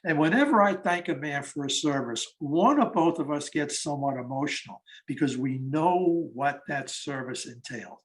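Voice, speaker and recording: A man's voice: a little high, moderate pace, hardly any pauses. A man of eighty telling stories about the war veterans he interviewed, acting out the conversations. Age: 80s. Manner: animated storyteller acting out conversations. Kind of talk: storytelling talk.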